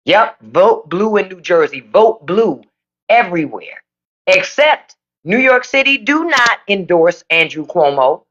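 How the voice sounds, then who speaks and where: A woman's voice: medium pitch, very animated, measured pace, fairly bright tone, dull audio. A woman hosting a live stream, delivering a blunt, profane political rant to her viewers. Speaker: livestream podcast host. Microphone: phone or desk mic for a live stream.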